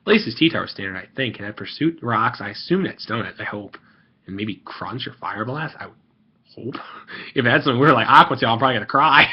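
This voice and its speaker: A man's voice: medium pitch, very animated, fairly quick, vocal fry, husky, dull audio. A young man ranting in a rambling, salty and profane way as he gives casual commentary on an online game he was playing. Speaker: gaming video creator. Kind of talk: rambling gaming commentary rant.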